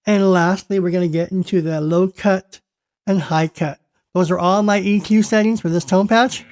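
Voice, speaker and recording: This man's high voice is darkish and steady, moving at a moderate pace as he casually talks through his guitar effects. He keeps it light and self-amused, chuckling between remarks in tutorial fashion, with electric guitar in the background.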